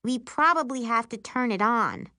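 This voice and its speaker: A woman reading an audiobook, voicing a serious, sleepless young sister who talks slowly and earnestly. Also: high voice, a bit bright, no echo, studio quality, voice pushed up. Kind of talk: audiobook character voice.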